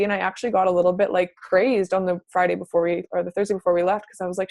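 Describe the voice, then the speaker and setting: A woman's voice: on the low side, fairly even intonation, fast talker, few pauses, a little mellow, no room sound. Woman, fitness coach, video call, casual gushing talk, dry close sound. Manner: casual and gushing, says "like" often.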